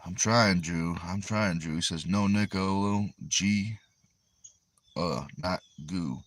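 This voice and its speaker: A man's voice: sits low, measured pace, fairly bright tone, no echo. A man from Connecticut with a New England accent, hosting a livestream and reading viewer comments aloud in an easygoing, rambling way. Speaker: arm wrestler and livestream host.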